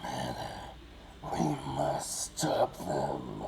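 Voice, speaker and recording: A gravelly dim shadow minion. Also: male voice, wildly swooping pitch, heavy background noise, heavily acted. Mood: gruff menace. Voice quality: deep gravelly growl. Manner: slow, strained menace. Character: dim-witted shadowy male minion, throwaway bad guy. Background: loud game music.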